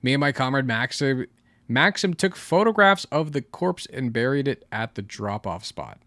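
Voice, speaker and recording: A man's voice: medium pitch, very animated, normal speed, bright, forceful tone, no echo. A male streamer chatting casually while he reacts, rambling with lots of "like," swearing and laughing.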